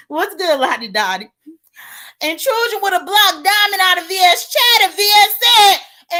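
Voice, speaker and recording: A woman doing sassy, animated gossip commentary, greeting viewers by name and laughing between points. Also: very high voice, a little slow. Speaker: livestream commentator.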